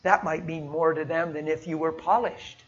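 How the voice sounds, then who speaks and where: A man's voice: a little high, fairly even intonation, moderate pace, lo-fi sound. A man preaching a sermon, telling stories in a folksy, heartfelt way and acting out the people in them. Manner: folksy, heartfelt, acts out dialogue. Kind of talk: sermon with storytelling.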